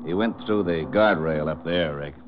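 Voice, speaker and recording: An actor playing a gruff, impatient male police lieutenant who talks brusquely, in 1940s radio acting. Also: extremely low pitch, moderate pace. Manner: brusque, scolding. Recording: dull old 1940s radio recording.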